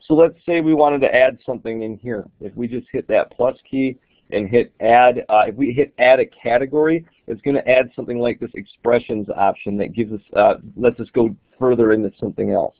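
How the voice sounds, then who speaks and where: Captured with tinny, dry, phone-like audio and no room sound, a medium-pitched man speaks a little fast. As an app reviewer, he gives a casual screen-recorded walkthrough, explaining and thinking aloud as he demonstrates.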